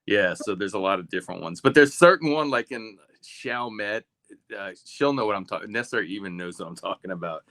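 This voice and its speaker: A man's voice: on the low side, a little fast, bright, forceful tone. A middle-aged man, explaining things in casual chat. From New Orleans area.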